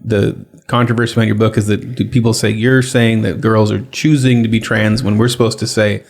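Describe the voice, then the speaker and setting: A male podcast co-host banters casually with the others. His voice is gravelly and creaky. He speaks haltingly, with fillers and joking asides. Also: on the low side, level tone.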